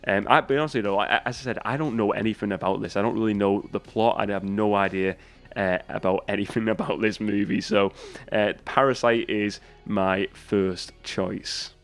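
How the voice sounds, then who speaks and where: A man's voice: lowish voice, steady tone, moderate pace. A man chatting casually to camera about movies. He rambles, restarts his sentences and pokes fun at himself. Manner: chatty, rambling and self-deprecating, with many restarts. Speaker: movie YouTuber. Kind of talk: casual vlog chat.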